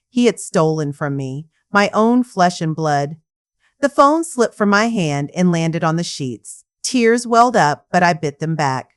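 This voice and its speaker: Woman narrating a dramatic story. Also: fairly low pitch. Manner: emotional, dramatic reading. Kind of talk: scripted first-person story narration.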